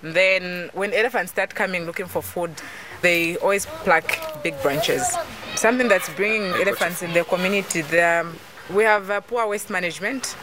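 A speaker explains the local situation in a halting way, pausing on fillers as they go. Noticeable outdoor noise sits behind the voice. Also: mid-range voice. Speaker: interviewee and interpreter. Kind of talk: casual explanation.

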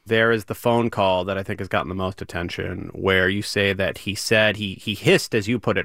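A male radio news host who introduces a story and asks an interview guest questions in a clear, composed, conversational way. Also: sits low, steady tone, normal speed, hardly any pauses, fairly bright tone, no room sound, clean studio sound.

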